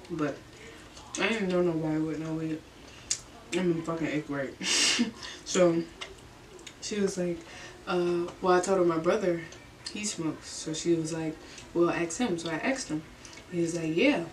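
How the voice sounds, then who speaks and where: A young woman vlogger telling a story in her bedroom during a mukbang, laid-back, slangy and profane, laughing often. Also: fairly low pitch. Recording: roomy, distant mic, faint hiss.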